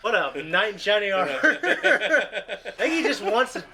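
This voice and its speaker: A man's voice: high-pitched, big pitch swings, a little slow, bright, forceful tone. A man hosting a reaction video who chats casually, swears and laughs easily as he reacts.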